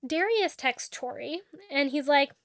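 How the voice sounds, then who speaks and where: A young adult woman co-hosting a book podcast, retelling a novel's plot in casual chat and acting out the characters' lines in quick quotes. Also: sits high, no echo. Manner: animated storyteller, acts out dialogue with quick quotes.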